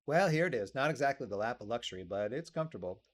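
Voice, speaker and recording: A man's voice: medium pitch, expressive, quick pace, close to an everyday voice. Guy reading as a curious young woman in a video game, chatty and eager, plain mid voice.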